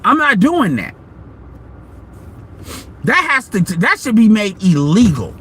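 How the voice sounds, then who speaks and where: A man's voice: sits high, huge pitch swings, slow pace, fairly bright tone, breathy edge. A man hosting an online audio room, ranting bluntly and profanely in casual commentary.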